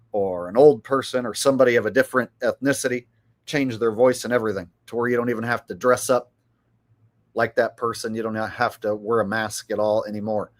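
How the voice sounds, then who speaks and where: A middle-aged man giving rambling, mocking commentary on his live stream. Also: on the low side. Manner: rambling, mocking, with filler words.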